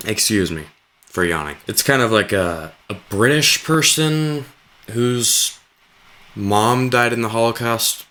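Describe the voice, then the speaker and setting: A man's voice: low-pitched, pushed and bright. A man giving sarcastic, rambling reaction commentary on video clips and swearing freely.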